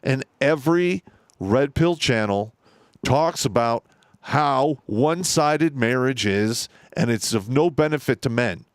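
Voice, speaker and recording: A man's voice: medium pitch, a little slow. A middle-aged man tells profane stories on a casual podcast. His voice rises and falls widely as he gets worked up. The sound is dry and close, with no room echo. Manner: profane, animated storytelling. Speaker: co-host.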